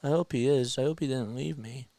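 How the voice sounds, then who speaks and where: A young man doing casual play-by-play of a live baseball game and chatting with his viewers between pitches. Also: brisk, gravelly, no echo. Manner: gets loud and high when excited. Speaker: fan play-by-play streamer.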